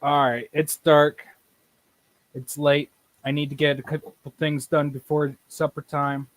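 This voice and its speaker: A man's voice: fairly high pitch, flat delivery, unhurried, dry recording. Canadian man, casual streamer, cusses a lot, dry close-miked sound. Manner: blunt, swears freely. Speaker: live streamer.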